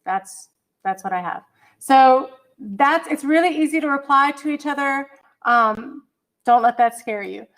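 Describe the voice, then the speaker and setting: Speaking at a measured pace in a voice that sits high, this middle-aged woman runs an online college English class over a video-call computer mic. She's chatty and apologetic, and she hums as she searches for her files.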